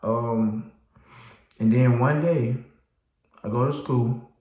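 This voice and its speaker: A man tells his life story casually to the camera, speaking slowly as an animated storyteller whose voice jumps up high when he acts out his younger self. The room is echoey.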